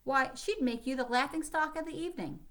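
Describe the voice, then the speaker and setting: A woman reading aloud, voicing a lively young lady who teases in a bright, higher voice. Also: brisk. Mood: teasing.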